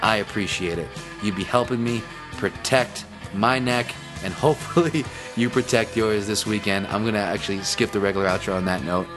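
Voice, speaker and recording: A man's voice: lowish voice, normal speed, music in the background. A man hosting a solo podcast, rambling casually, swearing freely and restarting his sentences. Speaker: podcast host, fight analyst.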